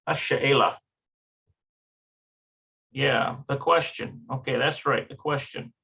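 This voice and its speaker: A man's voice: mid-range voice, steady tone, takes it slowly, creaky, bright, forceful tone, slightly rough. A man teaching an online Hebrew lesson, thinking aloud with hesitations and stopping to check pronunciations. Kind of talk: slow online language lesson.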